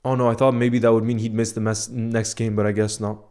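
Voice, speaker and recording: A football fan streamer narrates a live match watchalong in a lowish, darkish voice with a flat, brisk delivery. He's emotional and outspoken with his viewers, repeating "bro" as his mood swings between outrage and glum reflection.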